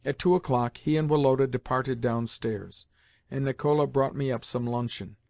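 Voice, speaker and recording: A man narrates an audiobook in a measured, even way. His pitch is middling. The recording is close and dry, with no room sound. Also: vocal fry, no echo. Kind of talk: scripted narration.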